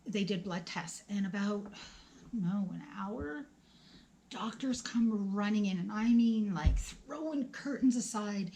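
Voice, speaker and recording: A woman's voice: medium pitch, darkish tone. Woman in her forties telling a personal story. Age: 40s. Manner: conversational, emotional, acts out dialogue, drops to whispers. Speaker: vlogger.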